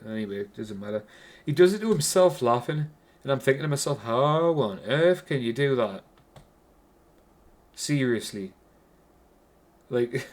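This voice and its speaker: Sweary Geordie man rambling. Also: medium pitch. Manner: swears constantly, rambling with restarts. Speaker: film reviewer. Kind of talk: casual rambling film review.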